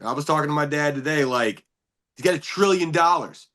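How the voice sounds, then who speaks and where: A man's voice: fairly high pitch, brisk, bright, forceful tone. A man co-hosting a casual podcast, talking loosely and steering the conversation with questions. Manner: conversational, rambling, leads questions. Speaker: podcast co-host.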